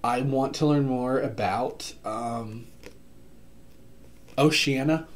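A man talks casually and eagerly about new books, his voice in an ordinary middle pitch. He rambles with fillers and quick asides. It sounds like a home video recorded on a camera mic. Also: slight background noise. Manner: chatty and excitable, many fillers and asides. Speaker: book vlogger. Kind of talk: casual book haul chat. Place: home room.

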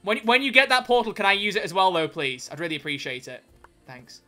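Male streamer, bright, sharp voice, joking and swearing over faint music. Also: sits high, very animated. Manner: joking, swearing, quick self-corrections. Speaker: livestreamer. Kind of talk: casual stream chat, reading chat aloud.

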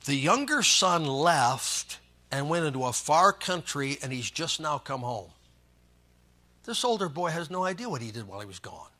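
A man's voice: fairly high pitch, very animated, moderate pace, sharp tone. A man preaching a sermon as pastor, reading scripture and joking in a folksy way.

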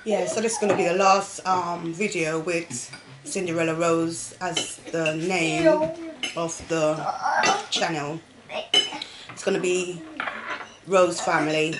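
A woman's voice: lowish voice, fairly even intonation, slow, long pauses. A British woman, a mother, chatting casually to viewers and her family over a meal at home. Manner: chatty, laughing often, talks to viewers. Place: family home at the dinner table. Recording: noisy home recording with clatter of dishes.

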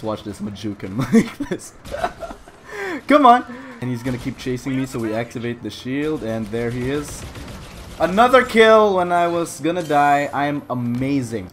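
A young man talking over his gameplay with a bouncy, lively pitch that rises and falls. He is sarcastic and mock-boastful and swears often. His voice sits in a medium range, with a faint hum of noise behind it. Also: normal speed. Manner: animated, sarcastic, swears freely; mock-boastful, jokes about himself. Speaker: gaming video creator. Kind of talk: live gameplay commentary.

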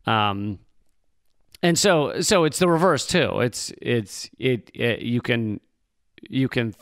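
Guy on a podcast, smooth clear voice, dry close sound, wry and explainy. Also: mid-range voice, slow, no echo. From Virginia. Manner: explaining, wry, occasional swearing. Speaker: podcast co-host. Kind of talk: casual chat.

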